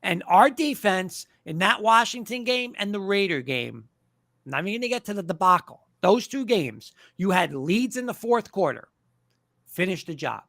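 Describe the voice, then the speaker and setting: Ranting gravel-voiced sports host, man. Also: sits high, big pitch swings, moderate pace, a bit bright, no echo, clean studio sound. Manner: ranting, emphatic, mocking fans' views. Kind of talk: fired-up sports talk.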